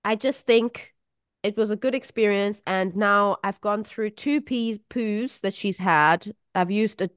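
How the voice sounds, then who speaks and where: A woman with a mid-range voice tells a family story in a casual chat. She is lively and animated and laughs often. Her voice sounds close and dry, with almost no room sound. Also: mid-range voice, unhurried, clean tone, no room sound. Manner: lively, animated anecdote-telling with frequent laughter. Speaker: podcast co-host.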